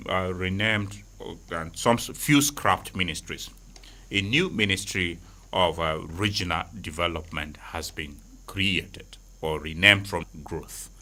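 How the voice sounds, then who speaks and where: A Nigerian talk show host with a very low voice and a bright, forceful edge. He handles callers briskly and politely, thanking them and moving the show along. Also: animated. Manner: brisk, polite, laughs easily. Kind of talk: call-in talk show hosting.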